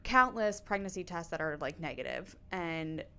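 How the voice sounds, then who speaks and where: A woman in her thirties, appearing as a podcast guest, tells an emotional personal story in casual talk packed with "like" and "you know." Her lowish voice is animated, bright and forceful, smooth, and at a normal speed.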